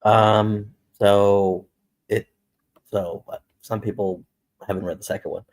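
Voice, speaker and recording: A man's voice: on the low side, fairly even intonation, slow, dry recording. A man who is a guest comic writer, chatting casually and hesitantly with many fillers. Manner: hesitant, many ums and likes. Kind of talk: casual chat.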